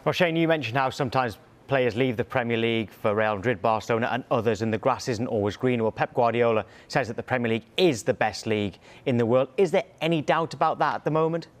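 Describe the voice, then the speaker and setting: A man's voice: mid-range voice, quick pace. A man presenting a sports panel, conversational and prompting the guests. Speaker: news presenter. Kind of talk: studio panel chat.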